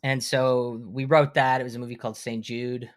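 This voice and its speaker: A man in his thirties, a horror filmmaker and guest on a casual podcast, telling animated anecdotes with frequent restarts and stammers. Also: medium pitch, normal speed. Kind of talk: casual podcast conversation, storytelling.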